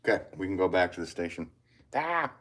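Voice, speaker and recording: A man's voice: deep voice, sing-song, a little fast. A man in his thirties, a potter chatting casually on a live stream while he works, thinking aloud and reading viewers' comments. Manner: easygoing, thinks aloud, reads chat comments. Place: pottery studio. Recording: loud background noise with clicks.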